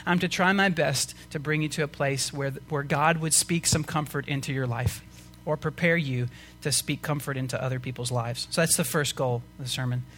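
Bright-voiced man preaching a sermon. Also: on the high side, fairly even intonation, moderate pace, hardly any pauses, faint music behind. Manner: earnest, rising to emphatic preaching with rhetorical questions. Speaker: pastor.

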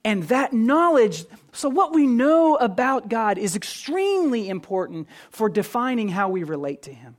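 A pastor preaching a sermon in an earnest, animated way, moving between soft, low passages and emphatic, lifted ones. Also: male voice, moderate pace, few pauses.

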